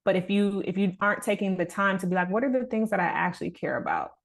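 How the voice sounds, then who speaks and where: A woman's voice: mid-range voice, fast talker. A young adult woman speaking as a podcast guest in casual conversation, earnest and reflective with a motivational push.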